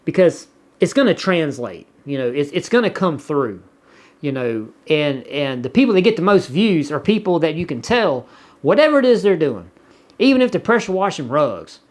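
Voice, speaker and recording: A man's voice: on the high side, big pitch swings, normal speed. A man with a Southern US accent chatting casually as a vlogger, rambling and repeating words as he reads viewer comments. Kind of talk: casual chat.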